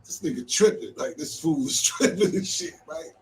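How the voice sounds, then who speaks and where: A man from New Jersey casually telling a street story in a loose, animated way, often filling with "you know what I'm saying.". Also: a little high, moderate pace, recorded from a distance, a little hiss or hum, low-quality recording.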